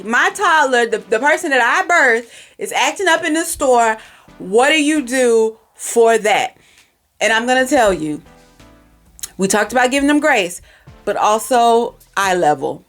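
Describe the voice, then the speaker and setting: A woman's voice: fairly high pitch, animated, measured pace, a bit bright, faint music behind. Emphatic woman giving parenting tips. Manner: direct, emphatic, repeats herself for stress. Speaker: podcast host. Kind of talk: casual parenting advice monologue. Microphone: recorded for podcast and video, facing camera.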